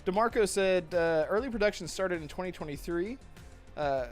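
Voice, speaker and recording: A man's voice: high-pitched, animated, moderate pace, soft background music. A man hosting a casual live gaming podcast, laughing often and tripping over his words. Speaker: podcast host. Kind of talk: casual live-stream chat.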